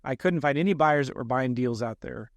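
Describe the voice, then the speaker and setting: A man's voice: mid-range voice, fairly quick, no room sound. A man, a real estate investor, telling a story in a podcast interview, self-deprecating and acting out the lines he quotes.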